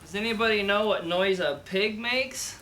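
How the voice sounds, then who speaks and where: A man speaking as a farmer who presents to children, cheerful and animated, explaining farm animals outdoors. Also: high-pitched, normal speed, slight background noise. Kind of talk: scripted children's educational presenting.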